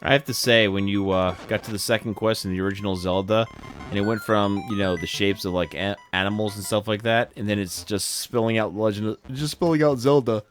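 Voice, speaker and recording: A man's voice: lowish voice, level tone, fairly quick, a bit bright, soft background music. A man hosting a game stream in casual chat, drowsy and yawning, rambling and correcting himself as he plays. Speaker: streamer host.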